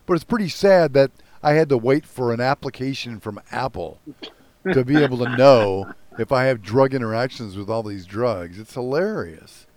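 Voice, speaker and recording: A man's voice: mid-range voice, expressive, moderate pace, a little mellow, dry recording. An older man hosting a casual podcast chat, ranting with lots of profanity and mocking himself.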